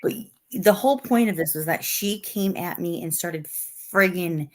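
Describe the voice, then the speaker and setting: A woman's voice: lowish voice, normal speed, low-quality recording. A woman co-hosting a casual livestream chat, venting heatedly and repeating herself for emphasis. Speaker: livestream co-host.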